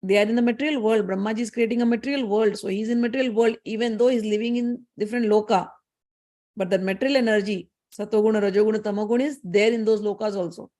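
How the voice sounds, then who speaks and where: A woman's voice: mid-range voice, fairly even intonation, fast talker, dark tone. A woman, a spiritual teacher retelling scripture stories in a conversational lesson, often repeating and restarting phrases.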